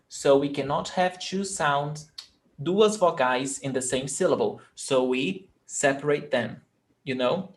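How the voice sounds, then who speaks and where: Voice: medium pitch, unhurried. An adult Portuguese teacher running a live online class, patiently repeating and sounding out words and switching between English and Portuguese.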